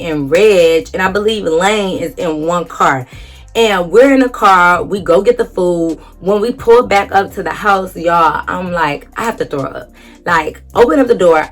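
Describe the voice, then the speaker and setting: A woman's voice: on the low side, a bit bright. A young woman vlogger telling a dramatic storytime story casually, acting out quotes and swearing freely.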